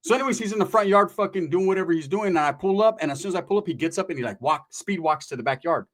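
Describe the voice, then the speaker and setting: Fast-talking, profane male storyteller. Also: high-pitched. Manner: profane, animated and rambling. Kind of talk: casual storytelling.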